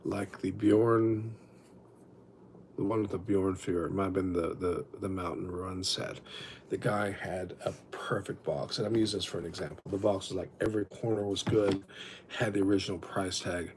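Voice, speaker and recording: A man hosting a livestream tells rambling stories in a casual chat, constantly interrupting himself and restarting. His voice sits low with a steady, darkish tone at a moderate pace, with slight background noise.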